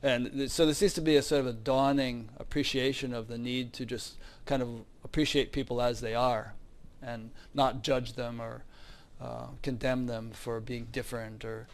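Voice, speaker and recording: A man's voice: medium pitch, fairly even intonation, normal speed. Reflective male interview host. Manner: reflective, gives short affirmations while the guest speaks. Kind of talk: casual spiritual conversation.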